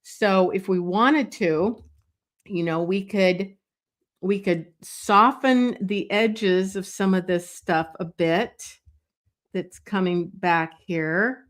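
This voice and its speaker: Slow, musing woman teaching drawing. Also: mid-range voice. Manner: slow, thinking aloud with fillers while drawing. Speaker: art teacher. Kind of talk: drawing tutorial.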